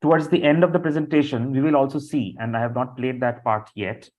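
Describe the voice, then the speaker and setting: A man's voice: mid-range voice, steady tone, brisk. A man leading a live online training session over a video call, speaking loosely with frequent fillers and restarts. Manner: loose, repetitive talk with many fillers. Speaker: session instructor. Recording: dull lo-fi call audio.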